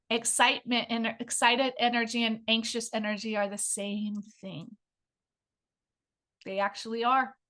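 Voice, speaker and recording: Woman, middle-aged, high voice, bright tone, energetic, live online workshop talk. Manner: energetic, addresses audience as you guys. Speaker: speaking coach.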